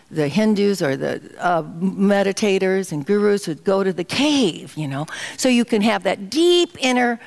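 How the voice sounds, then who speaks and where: Speaking at a medium pitch, this woman is a guest minister delivering a sermon in a community center hall. She leads those gathered through guided meditation and affirmations said aloud.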